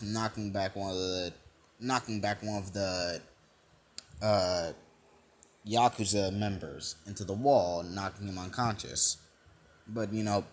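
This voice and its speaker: A man's voice: fairly low pitch, a bit bright, a little hiss or hum. A young man improvising a fan-fiction retelling, rambling with lots of fillers and restarts. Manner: rambling, full of "like" and "you know", restarts. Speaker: fan storyteller.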